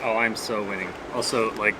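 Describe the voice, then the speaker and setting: A young man, teasing his friend in a dry, deadpan way during casual chat. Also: fairly low pitch, normal speed, over a noisy crowd, low-quality recording. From Canada. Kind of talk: casual chat while unboxing. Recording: loud crinkling packaging noise.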